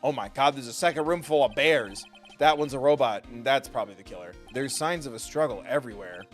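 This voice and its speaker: A man's voice: mid-range voice, animated, fairly quick, soft background music. A young adult man streaming a video game, joking casually and reading dialogue aloud. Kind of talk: casual gameplay commentary.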